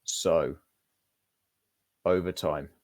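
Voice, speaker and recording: A man's voice: sits low, steady tone, extremely slow. A man giving casual, chatty game commentary, thinking aloud as he goes.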